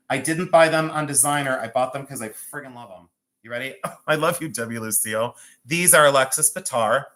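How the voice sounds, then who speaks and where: A man hosting a live jewelry and art sale stream, talking in a chatty, excitable way with self-mocking banter from a room at home. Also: mid-range voice. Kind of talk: live-stream selling chat.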